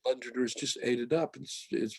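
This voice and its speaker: A man's voice: mid-range voice, steady tone, vocal fry, slightly rough, dry recording. An older man with a Western Pennsylvania accent, a guest poet talking thoughtfully about verse and dialect on a video call. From Mon Valley, Pennsylvania. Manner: thoughtful, measured, quoting lines slowly. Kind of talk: reflective talk on poetry.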